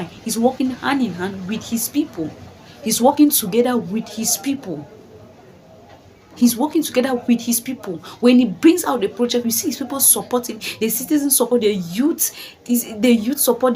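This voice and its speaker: A woman's voice: mid-range voice, darkish tone. A woman delivering commentary to her online audience in an emphatic, repetitive style. She leans on rhetorical questions and keeps calling her viewers guys. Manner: emphatic, repeats phrases, addresses viewers as guys. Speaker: vlogger. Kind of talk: commentary vlog.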